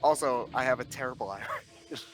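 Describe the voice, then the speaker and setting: A man's voice: mid-range voice, moderate pace. A young man co-commentating a charity game stream, reading donations and laughing often. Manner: laughs often while talking.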